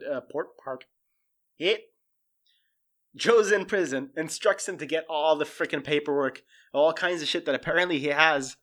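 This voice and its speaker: A man giving casual commentary, rambling and profane, animated as he tells the story. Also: on the high side.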